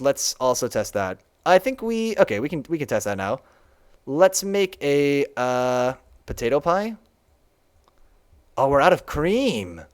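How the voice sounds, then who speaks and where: Chatty man demoing his game. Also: medium pitch. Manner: chatty, laughs often. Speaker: game developer streamer. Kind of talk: casual live-stream commentary.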